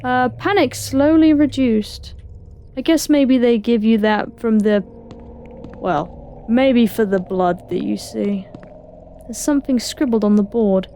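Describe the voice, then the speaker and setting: A woman's voice: a little high, takes it slowly, warm tone, slight background noise. A woman giving casual gameplay commentary, reading in-game text aloud and adding wry, sarcastic asides to herself. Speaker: let's play gamer.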